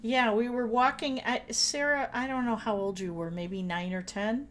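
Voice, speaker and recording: A woman's voice: a little high, steady tone, moderate pace, fairly bright tone, slight background noise. Middle-aged mother as stream guest; chatty, hesitant storyteller with fillers. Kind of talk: casual chat on a livestream.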